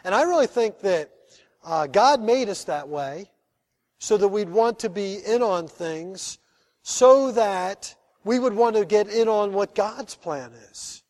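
High-voiced pastor telling a story. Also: male voice, animated, takes it slowly, darkish tone. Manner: storytelling, acts out the people in his anecdotes. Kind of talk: sermon.

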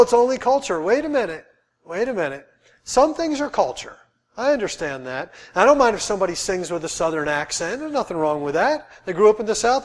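A middle-aged man preaching a sermon, emphatic and repeating his key phrases for weight. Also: high-pitched.

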